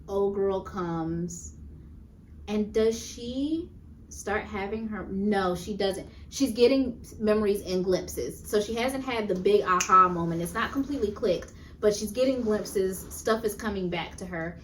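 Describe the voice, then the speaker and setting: Female podcast co-host, relaxed chatty delivery; sits back from the mic. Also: medium pitch, a little slow, far from the mic, slight background noise. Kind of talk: casual movie recap chat.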